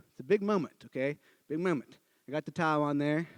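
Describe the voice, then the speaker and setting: This northeastern US man performs a personal story live for an audience, animatedly voicing each person in it. He speaks a little high, fast and smoothly, and the recording is dry.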